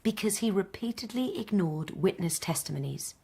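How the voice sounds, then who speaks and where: An actress playing a quiet, stubborn PhD student in an audio drama. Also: female voice, medium pitch, lively intonation, normal speed, creaky, breathy edge.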